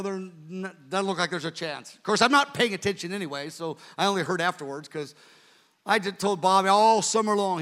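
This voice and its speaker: A man, preaching by telling an anecdote in a lively way, with chuckling asides. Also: high-pitched. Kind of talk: storytelling sermon.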